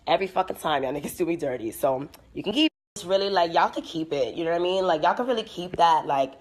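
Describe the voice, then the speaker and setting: A woman in her twenties ranting hard, swearing through every line and circling back to the same complaint. Her voice sits fairly low for a woman. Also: expressive, quick pace. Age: 20s. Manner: heated, swearing, repetitive. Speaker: guest speaking in a played clip. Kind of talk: angry profane rant.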